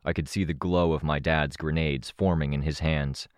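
A man reading a first-person action story aloud in a steady, dramatic storytelling manner. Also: very deep voice, moderate pace, no echo, studio quality. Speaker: audiobook narrator. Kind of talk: scripted first-person narration.

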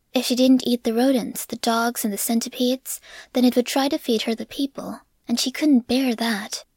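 A woman reads a dark story aloud in a measured, steady voice and drops to a whisper on grim lines. Her voice sits fairly high. The recording is dry and close, with no room echo. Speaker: narrator. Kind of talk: audiobook narration.

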